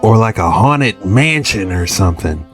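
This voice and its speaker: A man's voice: lowish voice, lively intonation, a little slow, faint music behind. A man co-hosting, reacting casually with curious rhetorical questions.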